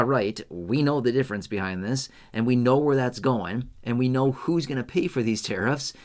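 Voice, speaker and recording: A man from the United States giving casual, animated commentary to camera as a finance commentator, often asking rhetorical questions. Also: mid-range voice.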